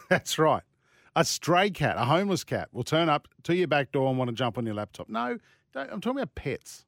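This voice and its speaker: Bantering radio sports host, dry. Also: male voice, a little high, big pitch swings, normal speed, fairly bright tone, dry recording. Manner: teasing, bantering, reads live ad plugs. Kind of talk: casual studio banter. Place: radio studio. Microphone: studio microphone.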